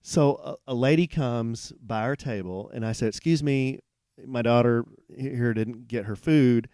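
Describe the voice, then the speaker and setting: A man co-hosting a podcast from a hotel room, telling a long anecdote in a rambling, animated way with many restarts. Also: medium pitch, unhurried, smooth, no echo, clean studio sound. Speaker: podcast co-host. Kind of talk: casual storytelling chat.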